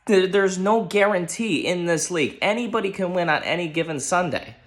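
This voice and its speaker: A man ranting about his football team, heated and profane, exasperated, shouting at times. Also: high-pitched, brisk. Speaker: sports fan ranting on his channel. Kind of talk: angry solo sports rant.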